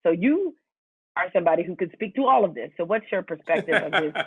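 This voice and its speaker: A woman's voice: on the low side, lively intonation, fast talker, slightly rough, dry recording. Woman host on a tinny, dry line. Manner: long, winding questions with frequent laughter. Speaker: podcast host. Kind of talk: casual interview questions. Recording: tinny phone-like, dry sound.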